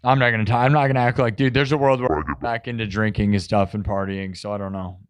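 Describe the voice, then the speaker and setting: A man's voice: on the low side, steady tone, fast talker, dry recording. Rambling, jokey male streamer. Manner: rambling, jokey, talks to chat. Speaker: live-stream host and musician. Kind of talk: casual live-stream chat.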